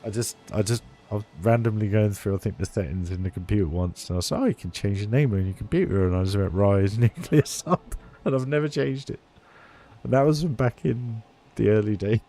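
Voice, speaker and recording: A man's voice: on the low side, fast talker, dark tone. A man chatting casually on a live stream, laughing often and answering chat. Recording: faint music behind.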